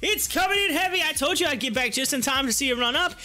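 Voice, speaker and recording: A man hosting a casual live stock-trading stream, excitable and laughing often. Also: very high voice, quick pace. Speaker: livestream host.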